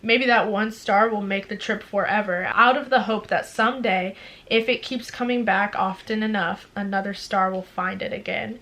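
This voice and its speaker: A woman's voice: mid-range voice, fairly even intonation, moderate pace, a bit bright. A young woman vlogging about a book, gushing and chatty, with many fillers. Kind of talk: casual chat.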